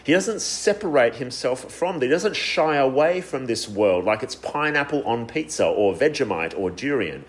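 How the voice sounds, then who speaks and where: Man, sermon, earnest, fillers, mid-pitched voice. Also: lively intonation, moderate pace, hardly any pauses. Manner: earnest, varied emphasis, frequent "uh" fillers. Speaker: preacher.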